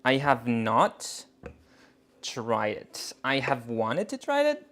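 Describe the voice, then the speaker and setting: A man's voice: mid-range voice, wildly swooping pitch, slow, a bit bright. A man chatting casually on a cooking live stream, joking about himself and laughing often. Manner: giggly, joking, self-mocking.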